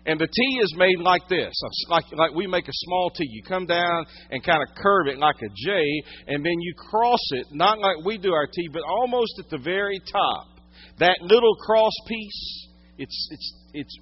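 A man preaching a sermon, teaching from the Bible, swinging from loud emphatic lines to hushed quiet ones. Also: fairly high pitch, expressive, normal speed, muffled recording, a little hiss or hum. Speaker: pastor.

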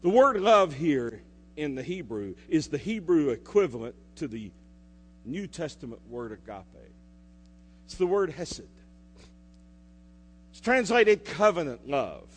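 Slow high-voiced guy preaching in a church, long hall echo, some mains hum in the background. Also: sing-song, slightly rough. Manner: preaching with sharp swings from loud to hushed; asks the congregation questions. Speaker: pastor. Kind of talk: sermon.

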